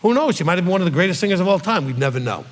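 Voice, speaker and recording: A man's voice: sits high, very animated, rapid-fire, big-room sound. A man, a rabbi, answering questions in a conversational teaching style, checking in with listeners and acting out quoted voices. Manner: conversational, frequent "okay?" check-ins.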